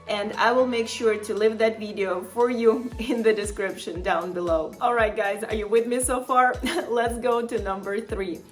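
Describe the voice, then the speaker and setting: A woman with a fairly high voice hosts a travel tips vlog, chatting warmly to her viewers and slipping in little laughs. Soft music hums faintly in the background. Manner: chatty and encouraging, addresses viewers as "fabulous people", laughs often. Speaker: travel vlogger. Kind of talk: upbeat tips vlog to camera.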